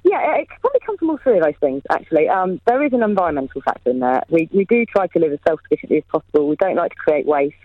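A woman's voice: deep voice, very animated, rapid-fire, hardly any pauses, no room sound, narrow, tinny audio. A woman chatting casually as a radio guest, laughing often and sounding self-deprecating. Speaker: guest, mother of three.

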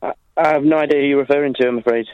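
A man's voice: mid-range voice, steady tone, racing, clean tone, no echo. A man calling in to a comedy phone-in, aggrieved and indignant. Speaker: caller. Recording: muffled lo-fi phone line.

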